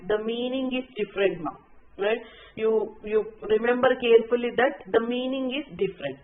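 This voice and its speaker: A woman from India lectures a class in a higher-than-usual voice. She works slowly through her examples, repeating them and checking in with her listeners. The audio sounds thin and phone-like. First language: Telugu. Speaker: college English lecturer.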